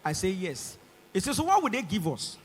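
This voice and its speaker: A Nigerian man with a Nigerian English accent doing stand-up comedy on a large concert stage, acting out both sides of the dialogue and rising to shouts. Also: high voice, huge pitch swings, normal speed, slightly rough, big-room sound.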